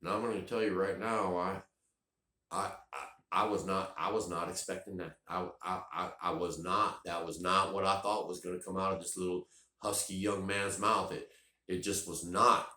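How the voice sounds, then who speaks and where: A man's voice: deep voice, fairly even intonation, moderate pace, bright, forceful tone. A middle-aged man, telling a funny personal story in a rambling, profane way with many restarts. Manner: rambling and profane, lots of restarts and "you know". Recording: echoey room.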